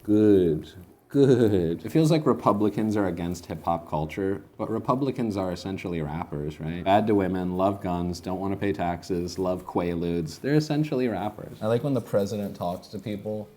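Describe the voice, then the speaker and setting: A man's voice: deep voice, brisk, few pauses, a little mellow, slight background noise. A young man rambling and joking in a casual comedic monologue while feeding animals.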